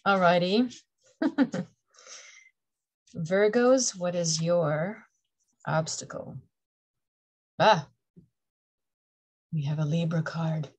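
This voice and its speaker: A woman's voice: fairly low pitch, extremely slow, pauses often, husky, dull audio. Chatty woman giving a tarot reading. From Canada. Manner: chatty, laughs often, playful asides. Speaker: tarot reader. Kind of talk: casual tarot reading to camera.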